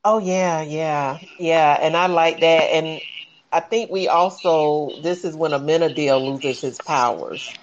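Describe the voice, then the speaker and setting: A co-host of a casual TV recap podcast, talking slowly and thoughtfully with fillers. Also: medium pitch. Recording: dull lo-fi sound with faint room noise.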